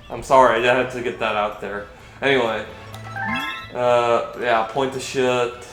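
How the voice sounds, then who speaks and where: This young gaming vlogger speaks unhurriedly, his medium-pitched voice steady and fairly bright. He meanders and hesitates while playing, restarting a lot and swearing when frustrated, with faint game music and a roomy echo in the recording.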